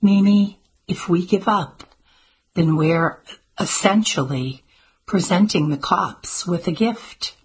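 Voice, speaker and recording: A woman voicing a clever, earnest young woman in an audiobook, speaking briskly and a little bossily, higher than her own voice. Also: slightly rough, exaggerated voice. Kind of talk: audiobook character voice.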